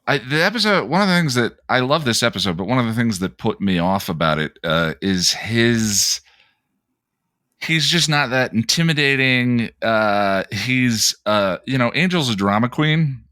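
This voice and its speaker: A man co-hosting a casual podcast discussion, thoughtful and analytical, pausing often as he builds his point. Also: mid-range voice, expressive, pushed and bright, dry recording, studio quality. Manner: thoughtful, analytical, hesitant with many pauses. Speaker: podcast co-host.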